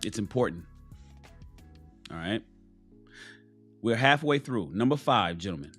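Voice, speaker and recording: A man's voice: lowish voice, sing-song, unhurried, a bit bright, slightly rough, soft background music. A man hosting a talk show, giving blunt, profane dating advice to other men and repeating key phrases for stress.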